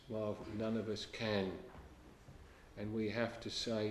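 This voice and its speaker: Slow, earnest male preacher in an echoey room. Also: lowish voice, slight background noise. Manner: earnest preaching, quotes scripture in old English, drops to a hush on key lines. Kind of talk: sermon.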